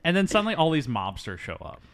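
A man co-hosting a casual movie podcast, chatting and acting out lines in an animated way. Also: quick pace. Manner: animated, acts out quotes in a loud high voice. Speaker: podcast co-host. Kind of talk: casual chat.

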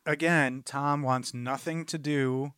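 A man's voice: medium pitch, fairly even intonation, slow pace, fairly bright tone, clear, resonant tone, dry recording, studio quality. A man co-hosting a podcast in casual chat, joking and sardonic, with casual swearing. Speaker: podcast co-host.

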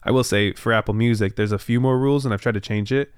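A man's voice: lowish voice, fast, clear, resonant tone, dry recording, clean studio sound. A young adult man hosting a podcast, chatting in a playful, rambling way and laughing often. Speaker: podcast host. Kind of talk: casual chat.

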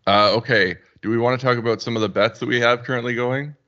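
A man's voice: medium pitch, steady tone, fast talker, bright, forceful tone. Joking man co-hosting a hockey podcast. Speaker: podcast co-host. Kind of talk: casual sports chat. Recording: dull lo-fi sound.

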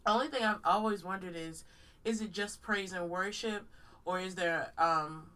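A woman's voice: mid-range voice, moderate pace, bright, forceful tone, recorded from a distance. A congested woman co-hosting a podcast, giving her opinions in a frank, emphatic, casual chat. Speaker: podcast co-host.

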